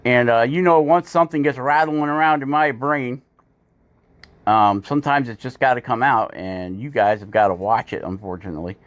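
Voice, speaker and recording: A man's voice: mid-range voice, normal speed, lo-fi sound. A man hosting his woodcarving channel, talking casually in a rambling, self-mocking voiceover with many fillers. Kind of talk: casual voiceover while carving. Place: home woodworking shop.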